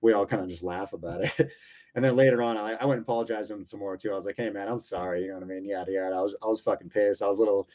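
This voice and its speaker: Brief: man in his thirties, low-voiced, rapid, profane storyteller, rambling with fillers. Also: steady tone, a little mellow. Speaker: UFC lightweight fighter, interview guest. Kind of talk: casual storytelling interview. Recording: muffled lo-fi audio.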